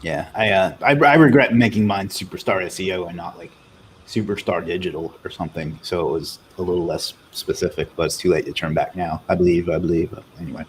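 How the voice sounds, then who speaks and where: Chatty lower-voiced man hosting a live Q&A. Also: brisk, a little hiss or hum. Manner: reads viewer comments aloud, loose and chatty. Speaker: livestream host. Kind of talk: casual live Q&A chat.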